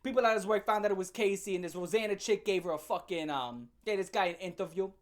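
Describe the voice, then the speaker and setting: Brief: female commentary host, brash profane rant, slangy and blunt. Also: medium pitch. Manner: blunt, fast-shifting, heavy swearing and slang.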